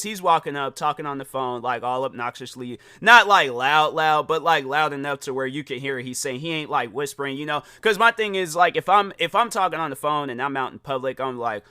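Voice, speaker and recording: A man hosting a podcast, telling a casual story in an animated way, acting out the dialogue and using lots of filler words. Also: mid-range voice, clear, resonant tone, no echo, studio quality. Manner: animated, acts out quoted dialogue, many "like" fillers. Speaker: podcast host.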